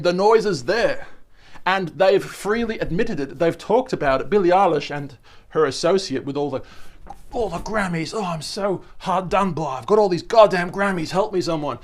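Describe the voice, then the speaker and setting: Man, casual vlog chat, rambling, fairly high-pitched. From Australia. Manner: rambling, chatty, with restarts and asides. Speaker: vlogger.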